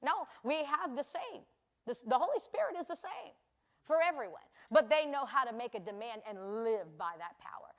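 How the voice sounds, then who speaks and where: A woman giving a sermon in a chatty, animated way, telling stories and acting out the people in them. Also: sits high, normal speed. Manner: animated, acts out voices in anecdotes; chatty, conversational with frequent "you know". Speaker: preacher. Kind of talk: sermon with storytelling.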